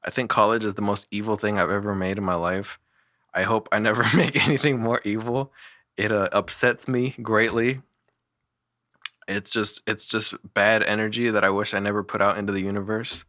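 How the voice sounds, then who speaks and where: A man's voice: fairly low pitch, steady tone, normal speed, sharp tone, no echo, studio quality. A young man casually talking through his own songs, rambling with many fillers and self-deprecating laughs. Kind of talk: casual solo commentary.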